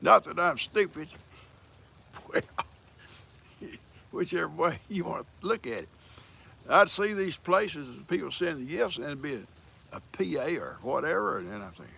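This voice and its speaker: A man's voice: fairly high pitch, animated, normal speed, creaky, long pauses, sharp tone, a little hiss or hum. An older man, hosting a casual livestream, folksy and teasing, laughing often as he greets viewers. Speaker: livestream host.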